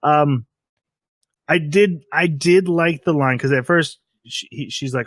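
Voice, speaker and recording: A man co-hosting a casual podcast, recapping scenes in quick bursts and acting out the lines with a laugh. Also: fairly high pitch, no room sound. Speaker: podcast co-host. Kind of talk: casual chat.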